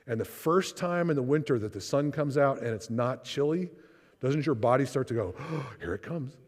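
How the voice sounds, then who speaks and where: A man speaks at a church seminar, his voice at a middle pitch and carried by a long hall reverb. He talks in a chatty way, often slipping into quoted inner voices to make his point. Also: normal speed. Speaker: speaker on trauma.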